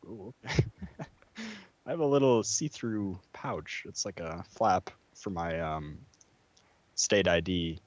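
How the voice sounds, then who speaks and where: A man from the United States, telling a story in casual chat, halting with many fillers and laughs, over a lo-fi voice call. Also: deep voice, no room sound. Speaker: podcast guest.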